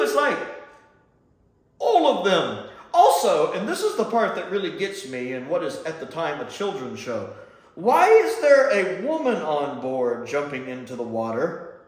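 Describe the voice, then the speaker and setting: A man from Mississippi chatting casually as he reviews a show, lively and laughing often. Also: fairly high pitch, unhurried. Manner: animated and chatty, laughs often, does mocking voices. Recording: echoey room.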